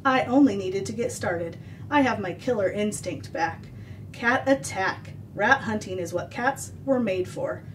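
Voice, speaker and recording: A woman's voice: medium pitch, animated, unhurried, a little hiss or hum, close to an everyday voice. A woman reading aloud, voicing a boastful, teasing female cat who hunts rats, heard from a distance. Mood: cocky.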